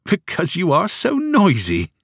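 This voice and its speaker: A man's voice: sits high, very animated, measured pace, vocal fry, no room sound, clean studio sound, pitched above the performer's own voice, heavily acted. A man voicing a sweet, merry old grandmother who talks in a lilting, melodious way. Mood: teasing. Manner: lilting, sing-song, pleading.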